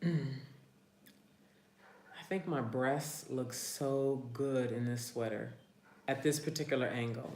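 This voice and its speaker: A low-voiced woman hosts a casual livestream in an echoey room, chatting with viewers, reading their comments aloud, and laughing often. Her family is from New Orleans.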